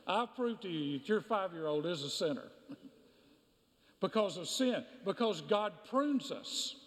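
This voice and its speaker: A man's voice: high voice, animated, unhurried. A man preaching a sermon as pastor, emphatic and repetitive, in a church sanctuary. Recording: long hall reverb.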